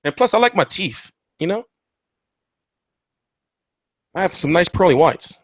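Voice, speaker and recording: A man's voice: high-pitched, animated, brisk, no room sound, studio quality. A man hosting a casual boxing livestream, rambling and joking crudely as he chats. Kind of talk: casual live-stream chat.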